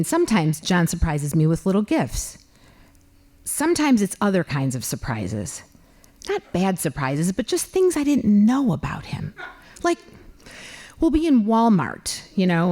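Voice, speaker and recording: A woman in her fifties telling a comic personal story on stage, animated and expressive. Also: fairly low pitch, measured pace. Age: 50s. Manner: animated, comic, voices her own exclamations loudly. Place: library event hall.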